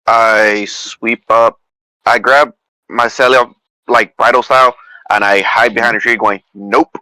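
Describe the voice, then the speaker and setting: A man's voice: mid-range voice, fairly even intonation, unhurried, sharp tone, clear, resonant tone, no room sound, low-quality recording. A man playing a tabletop role-playing game, talking in character with wry, sarcastic humor. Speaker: player.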